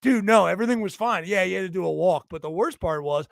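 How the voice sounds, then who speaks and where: Podcast co-host, male, high and gravelly voice, profane needling banter, dry close mic. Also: fast talker, no echo. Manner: teasing, profane, mock-scolding.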